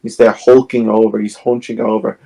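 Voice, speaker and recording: A man with a low voice and a gravelly edge to it talks through a film's plot on a podcast. He retells the plot in casual chat and slips into the characters' lines as he goes. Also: normal speed, poor audio. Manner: animated retelling, acts out scenes. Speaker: podcast co-host. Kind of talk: casual film discussion.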